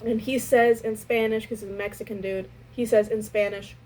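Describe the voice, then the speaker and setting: Young adult woman with a slightly high voice, telling a work story in an exasperated tone. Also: normal speed, very noisy. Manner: animated, exasperated retelling. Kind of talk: casual storytime.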